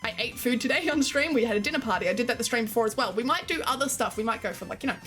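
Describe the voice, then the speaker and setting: A woman's voice: a little high, lively intonation, racing, fairly bright tone, soft background music. An Australian woman streaming, chatting casually and giggling while she reads and answers her live chat. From Queensland, Australia.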